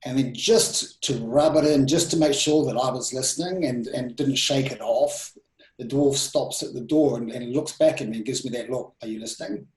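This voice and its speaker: A man in his thirties telling personal stories in an interview, animated and full of restarts and quoted self-talk. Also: mid-range voice, normal speed. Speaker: guest speaker. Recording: roomy echo.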